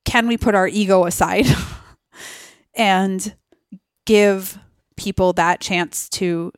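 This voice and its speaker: A woman guest on a podcast talks in a relaxed, chatty way, circling her thoughts with lots of filler words. Her voice is smooth and clear, recorded close and dry with no room sound. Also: medium pitch, slow, no echo. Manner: chatty, thinks aloud with many fillers. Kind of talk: casual conversational interview.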